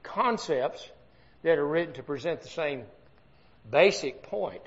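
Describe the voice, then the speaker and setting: A man's voice: a little high, lively intonation, measured pace, muffled recording. An older man preaching an earnest, conversational sermon, asking the congregation rhetorical questions.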